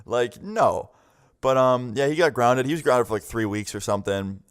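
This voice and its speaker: A man's voice: medium pitch, a little fast, smooth. A young man casually telling a story to his viewers, rambling with many fillers and acting out the people in it. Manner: rambling, many "like" fillers, acts out quoted voices. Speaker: vlogger telling a story time.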